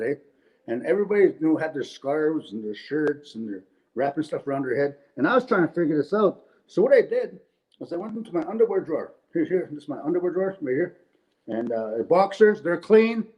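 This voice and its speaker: A man's voice: high-pitched, darkish tone, low-quality recording. A middle-aged man from Canada doing rambling stand-up storytelling at home on a webcam, tossing in tag questions and chuckling at his own jokes. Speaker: comedian. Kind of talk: stand-up storytelling for an online event. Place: at home indoors.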